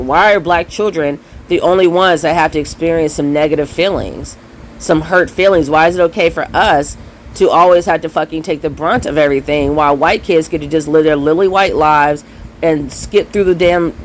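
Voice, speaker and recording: A man's voice: on the high side, a little hiss or hum, low-quality recording. Impassioned, profane man ranting on his channel. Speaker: commentary channel host; parent. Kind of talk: ranting commentary.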